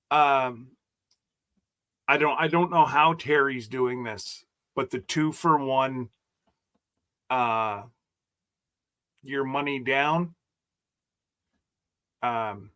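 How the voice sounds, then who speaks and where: A man's voice: mid-range voice, very slow, long pauses, pushed and bright. A man hosting a casual livestream chat, rambling and joking as he stumbles over his words. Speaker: host.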